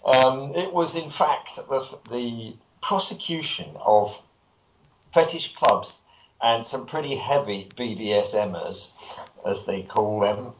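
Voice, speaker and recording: A man's voice: medium pitch, slow pace. A British man, a filmmaker guest, answering interview questions as a dry teller of anecdotes. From Britain. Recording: dull lo-fi audio with faint noise.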